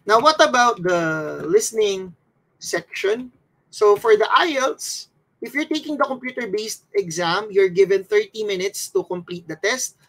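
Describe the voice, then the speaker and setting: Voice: medium pitch, animated, measured pace, a bit bright, poor audio. A test-prep instructor from the Philippines, patiently explaining things step by step as a slide lesson.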